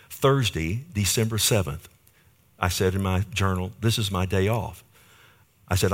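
A middle-aged male pastor preaching a sermon, telling a personal story and acting out the voices of people he quotes. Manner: storytelling, quoting others with lively swings of pitch and volume.

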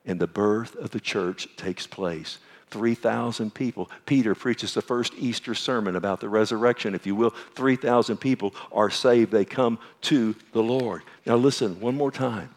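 A man preaching a sermon as pastor, asking the congregation rhetorical questions and swinging from loud emphatic calls to hushed near-whispers. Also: on the low side, normal speed. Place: church.

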